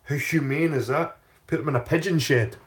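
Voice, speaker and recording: A man's voice: on the high side, normal speed, breathy edge. A man hosting a casual livestream, talking in a profane, rambling way and repeating his phrases. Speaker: channel host.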